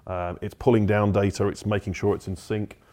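A man's voice: lowish voice, little pitch movement, a little fast, dark tone. A man with a South African accent, explaining things steadily as an expert guest on a panel. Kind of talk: panel discussion.

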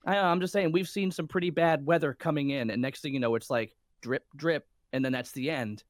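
A man's voice: on the high side, a little fast, no room sound, studio quality. A man co-hosting a podcast, chatting casually about a movie in a jokey, questioning way. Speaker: podcast co-host. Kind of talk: casual movie review chat.

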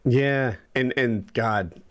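Speaking very slowly in a mid-range voice, a podcast co-host in his forties rambles through a casual chat loaded with fillers.

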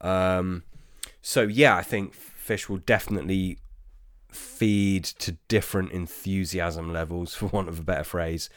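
A man with a very low voice talks through listener questions in a relaxed, rambling way, full of ums and restarts. The sound is dry and close, with almost no room. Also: no room sound. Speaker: podcast host. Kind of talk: casual chat answering listener questions.

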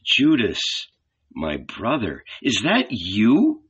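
A man voicing a gentle, resigned young man who speaks quietly and calmly. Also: fairly low pitch, slow pace, slightly rough, lo-fi sound, exaggerated voice. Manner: quiet, soft-spoken.

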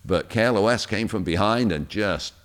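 English male radio personality, deep low voice, chatty anecdotal delivery. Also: normal speed. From England. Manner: lively storyteller, acts out quotes. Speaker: guest radio DJ. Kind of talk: casual chat, anecdotes.

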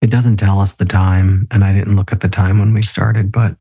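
A man's voice: sits low, little pitch movement, normal speed, dark tone, slightly rough. A tipsy man co-hosting a casual podcast over a remote call, swearing freely and laughing often. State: a little tipsy. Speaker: podcast co-host. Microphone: remote call recording.

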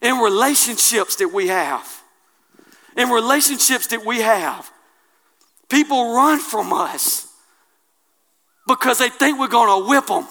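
A man preaching a sermon, colloquial and impassioned, swinging from hushed asides to loud declarations. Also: very high voice, expressive, measured pace, long pauses.

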